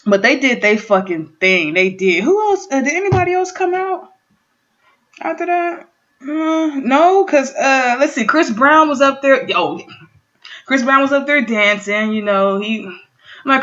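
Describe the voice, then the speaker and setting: A woman's voice: a little high, unhurried. A woman in her thirties ranting casually and profanely to her viewers as she recaps an awards show. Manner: profane, excitable, talking straight to viewers. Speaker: vlogger. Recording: dull lo-fi home recording.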